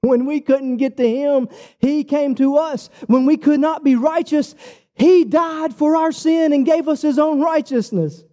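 A man preaching a sermon, telling stories with quoted dialogue in a casual, lively way. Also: extremely high pitch, unhurried. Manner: animated storytelling with quoted dialogue; casual, says "bro" and "like". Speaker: pastor.

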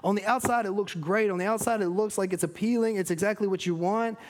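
A man in his thirties preaching a sermon to a congregation, earnest, dropping low and quiet on solemn points. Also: steady tone, fast talker. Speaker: pastor.

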